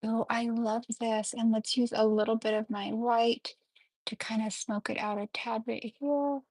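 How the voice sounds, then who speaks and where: Excitable woman with vocal fry. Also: fairly high pitch, measured pace, dry recording. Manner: chatty, excitable, often apologizing. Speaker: nail artist hosting a live tutorial. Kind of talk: casual live-stream tutorial.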